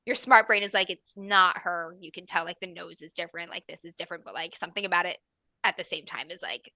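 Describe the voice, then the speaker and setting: Bright giggly woman running a tabletop game, dry close mic, lots of "like". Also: lowish voice, quick pace, no room sound, low-quality recording. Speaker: game master.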